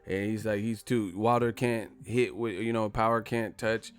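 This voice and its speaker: A man's voice: fairly low pitch, flat delivery, normal speed, smooth. A man hosting a casual boxing live stream, talking loosely and profanely and reading out viewer messages. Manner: laid-back, profane, reads viewer messages.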